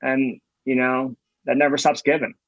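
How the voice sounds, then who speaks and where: A man's voice: mid-range voice, flat delivery, normal speed, a bit bright, no echo, dull audio. A man talking as a podcast guest in a casual interview, emphatic and openly contrarian in his views. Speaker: podcast guest, design firm founder.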